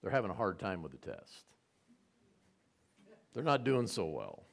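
A man's voice: sits low, huge pitch swings, unhurried, vocal fry. A man preaching a conversational sermon, retelling scenes with repetition and side remarks. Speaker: pastor.

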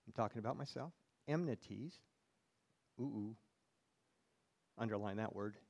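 A man's voice: lowish voice, normal speed, gravelly, darkish tone. Man preaching a sermon in church. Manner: preaching, reading scripture aloud, asking the congregation questions. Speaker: pastor.

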